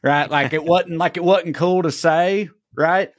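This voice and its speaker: A man with a Southern US accent, a comedian co-hosting a podcast and telling a story in casual chat, animated and jumping high when he gets indignant. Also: a little slow, no echo, studio quality. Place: podcast studio.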